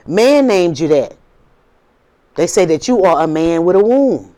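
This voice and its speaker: A woman's voice: fairly low pitch, sing-song, a little slow, warm tone. A woman hosting her own video channel, talking casually and preachily to viewers, repeating herself and firing off rhetorical questions in an informal, drawling way. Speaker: spiritual video host.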